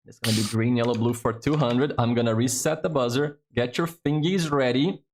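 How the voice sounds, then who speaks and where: A man's voice: medium pitch, fairly quick. A man hosting a trivia game on a live stream, chatty and casual, swearing freely as he thinks aloud.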